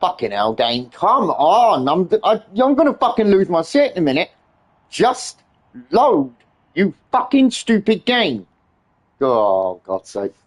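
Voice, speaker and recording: A man streaming a video game, his voice high and swinging wildly up and down. He rants in exasperation and swears constantly at the game. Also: wildly swooping pitch, takes it slowly. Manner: exasperated ranting, heavy swearing. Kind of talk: livestream gaming commentary.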